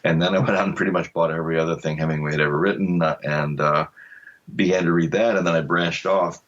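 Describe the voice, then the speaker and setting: A man's voice: sits low, steady tone, fast, lo-fi sound. An older man from Delaware, an author being interviewed, telling stories in a thoughtful, reflective way. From Delaware, USA. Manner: thoughtful, reflective storyteller with soft laughs. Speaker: author guest. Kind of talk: conversational interview.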